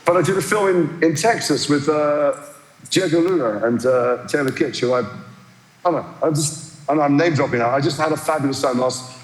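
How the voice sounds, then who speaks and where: A middle-aged man, a guest actor, telling animated anecdotes with many restarts. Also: a little high, brisk. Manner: animated, chatty storyteller with restarts. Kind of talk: anecdotal chat. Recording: echoey live hall.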